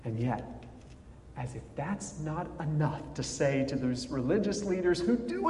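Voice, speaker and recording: A man preaches a sermon at an unhurried pace, leaning on dramatic pauses and dropping in wry asides. His voice sits a little high for a man. It carries through a large, echoing church hall with a faint murmur of ambience behind it. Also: animated, darkish tone, slight background noise. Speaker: pastor.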